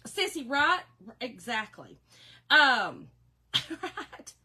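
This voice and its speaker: A woman's voice: high-pitched, big pitch swings, very slow, sharp tone, slightly rough. A woman with a Southern Appalachian accent, chatting casually to her viewers as a crafting host, telling stories and laughing often. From Kentucky and Georgia, USA.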